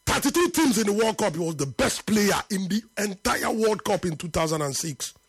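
A man argues football on a live talk show in a high, pressing voice. He hammers his points through repetition, sometimes sinking low and slow for weight. The sound is close and dry. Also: very animated, slightly rough, dry recording. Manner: emphatic, repeats points for effect, drops to low slow tones. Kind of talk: live football debate and reading viewer comments.

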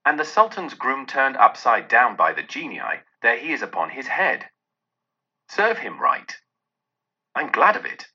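A man's voice: mid-range voice, huge pitch swings, a little slow, pushed and bright, husky, full character voice. A man voicing an elderly male miser who wavers between laughing and crying as old memories return. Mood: tearful excitement. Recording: dull lo-fi recording.

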